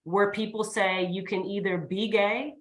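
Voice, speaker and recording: A woman's voice: medium pitch, fairly even intonation, a little slow, rough recording. A woman reverend giving a personal testimony in an earnest, preaching cadence. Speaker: reverend and organizer. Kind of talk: testimony with a sermon-like build.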